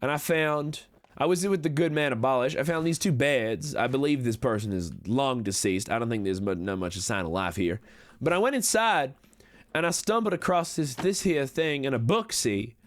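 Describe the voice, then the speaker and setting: A man's voice: mid-range voice, expressive, normal speed, natural voice. A man putting on a folksy Western conman drawl. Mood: scheming. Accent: put-on American Western drawl. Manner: folksy, wheedling salesman patter. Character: slick smooth-talking cowboy conman, adult male. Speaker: streamer in a roleplay series. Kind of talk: live-streamed game roleplay.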